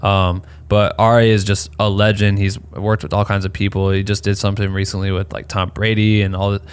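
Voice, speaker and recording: A male podcast co-host chatting with loose, profane enthusiasm. His voice sits on the low side, and it comes across smooth and resonant. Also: little pitch movement, a little fast. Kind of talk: casual podcast chat.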